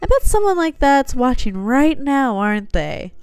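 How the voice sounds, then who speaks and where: A woman's voice: sits high, sing-song, normal speed, a little mellow, a little hiss or hum, pitched above the performer's own voice. Flowey, a woman voicing a sinister soulless flower. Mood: coldly confiding. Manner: reads game dialogue aloud in a put-on voice, slightly theatrical. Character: sinister soulless talking flower, cold and manipulative. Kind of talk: reading game dialogue aloud.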